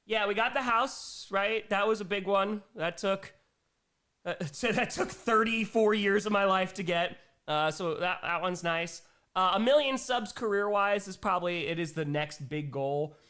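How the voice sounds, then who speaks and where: A man in his thirties hosting a casual live-stream Q&A, chatting in a relaxed way with lots of fillers. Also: high-pitched, unhurried. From United States. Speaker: streamer host.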